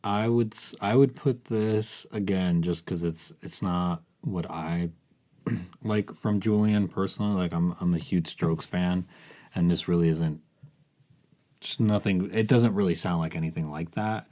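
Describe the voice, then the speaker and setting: A man with a very low, dark and mellow voice, co-hosting a music podcast. His talk is halting and hesitant, and he often drifts off mid-thought. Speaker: podcast co-host. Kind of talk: casual music podcast chat.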